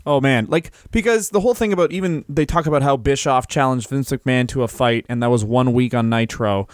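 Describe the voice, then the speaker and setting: A man's voice: mid-range voice, a little fast, no room sound, clean studio sound. A man co-hosting a comedy podcast, riffing loosely and swearing often in casual chat. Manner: riffing, profane, jumps into mock voices. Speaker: podcast co-host.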